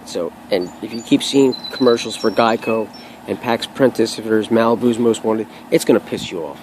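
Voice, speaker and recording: A man's voice: on the low side, normal speed, noisy background. A young man talking casually to camera at home, rambling and restarting often, swearing freely as he shares his own story. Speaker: vlogger sharing his own experience. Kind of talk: casual unscripted monologue to camera.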